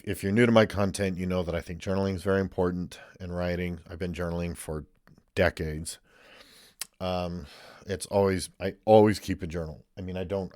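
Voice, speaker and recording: A man's voice: low-pitched, darkish tone, no echo, clean studio sound. A male counselor talking casually and candidly to camera, swearing freely and rambling through asides. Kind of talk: casual monologue.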